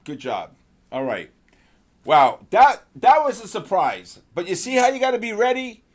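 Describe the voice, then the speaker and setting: A man hosting a live trading stream, talking excitedly and chatting with viewers as he goes over the markets. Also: sits high, a little slow. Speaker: host.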